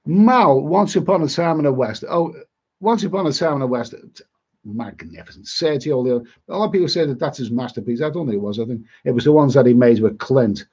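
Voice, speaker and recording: A man's voice: mid-range voice, animated, a little fast, a little mellow, slightly rough. A middle-aged man, chatting casually on a live stream as a travel vlogger, rambling and repeating his words. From Liverpool, England. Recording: dull lo-fi stream audio.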